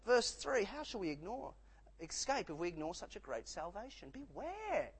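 A male preacher delivering a sermon with a fairly high voice that swings widely up and down. He presses his points with emphatic repetition and drops to a hush for weight. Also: big pitch swings, moderate pace, slightly rough, rough recording. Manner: emphatic, rising and falling for effect.

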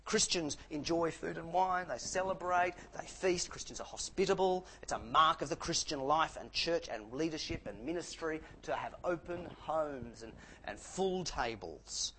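Animated male preacher, jokey. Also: a little high, normal speed, a little hiss or hum, poor audio. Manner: animated and jokey, with sarcastic asides and laughs. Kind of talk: sermon.

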